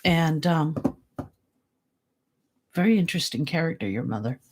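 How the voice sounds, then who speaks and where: A woman psychic giving live readings in a halting, casual way, with many fillers and repeated words. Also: deep voice, lively intonation, a little mellow. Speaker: psychic medium. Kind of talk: livestream reading, casual chat.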